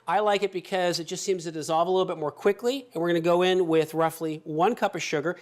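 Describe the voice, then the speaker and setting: A man's voice: high voice, fast. A man hosting a cooking show as the chef, chatty and upbeat, talking viewers through each step in a kitchen. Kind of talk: cooking demonstration.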